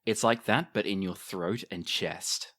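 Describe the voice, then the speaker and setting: A man acting as game master, narrating a tabletop game in a descriptive, expressive way. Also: on the low side, a little slow.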